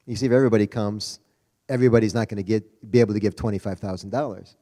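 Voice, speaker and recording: A man's voice: on the low side, steady tone, very fast, warm tone. A man giving a folksy, chatty conference speech as a Rotary district leader, joking with the crowd over a PA mic. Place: large conference hall. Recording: reverberant conference hall.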